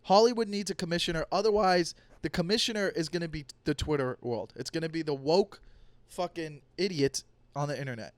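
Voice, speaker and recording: A man's voice: a little high, a little fast, few pauses, no echo. A young man hosting a comedy podcast alone, ranting in a heated, profane, rambling way. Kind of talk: solo comedy podcast rant.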